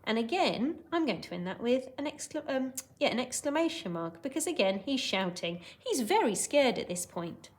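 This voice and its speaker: Lively woman teacher dictating slowly. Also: a little high. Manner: clear, dictating sentences word by word. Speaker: primary school teacher. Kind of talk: recorded classroom lesson.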